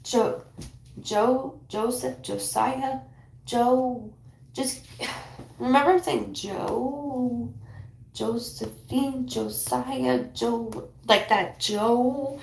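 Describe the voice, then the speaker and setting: A woman with a slightly high voice gives a live psychic reading, rambling and emotional as she speaks in quick bursts. Her voice rings with echo from the room around her. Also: fairly bright tone. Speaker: psychic reader.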